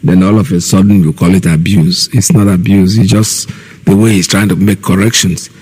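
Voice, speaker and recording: A man's voice: low voice, steady tone, normal speed, a little mellow, slightly rough. A middle-aged man from Nigeria with a Nigerian accent, hosting a call-in radio show and explaining his views earnestly, repeating himself. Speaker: radio host.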